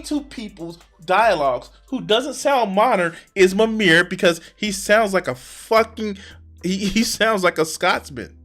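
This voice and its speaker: A man's voice: high voice, lively intonation, a little slow, a bit bright, soft background music. A man hosting a reaction commentary, exasperated and profane, who stammers and restarts his sentences. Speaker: reaction video host.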